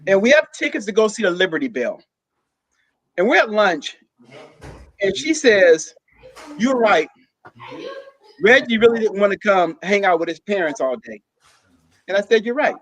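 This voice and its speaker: High-voiced man telling a story haltingly. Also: sing-song, a bit bright, poor audio. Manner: halting, with frequent pauses and fillers. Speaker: guest sharing a personal story. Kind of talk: personal storytelling.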